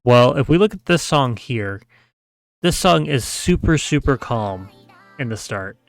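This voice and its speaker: A man's voice: medium pitch, animated, unhurried, faint music behind. A man giving a casual screen-share tutorial, explaining step by step, often checking with "right?" and humming the sounds he describes. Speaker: mapping tutor.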